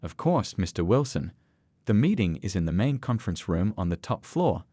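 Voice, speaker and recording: A man's voice: low-pitched, very animated, moderate pace, dark tone, slightly rough, no room sound, exaggerated voice. A man reading the lines of a flustered, hesitant female receptionist in a story.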